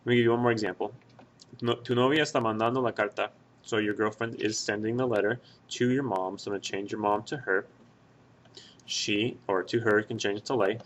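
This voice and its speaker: Methodical lower-voiced male Spanish teacher. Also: fairly even intonation, fairly quick, fairly bright tone, slight background noise. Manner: methodical, walks through examples step by step. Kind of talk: screen-recorded grammar lesson.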